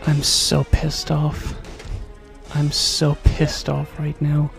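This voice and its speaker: Gravelly slow-talking man commentating. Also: on the high side, completely flat delivery, faint music behind. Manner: frets and repeats himself, muttering complaints. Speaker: let's play commentator. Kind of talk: casual gameplay commentary.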